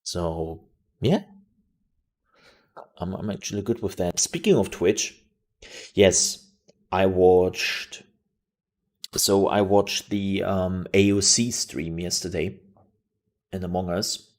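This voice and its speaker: A man's voice: deep voice, slow pace, long pauses, a little mellow. A man hosting a live stream, chatting casually and rambling, with many fillers and restarts. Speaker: streamer and news show host.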